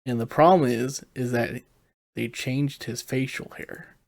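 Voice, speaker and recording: A man's voice: medium pitch, measured pace, gravelly. A young man co-hosting a podcast, joking and amused. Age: young adult. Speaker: podcast co-host. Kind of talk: casual chat.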